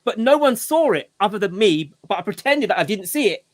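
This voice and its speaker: A man talks in a loose, rambling way during a casual group video chat. His voice sits fairly high and swings widely in pitch, and he keeps starting his sentences over. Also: big pitch swings, a little fast. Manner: chatty, rambling, with frequent restarts and "you know". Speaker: channel host and father.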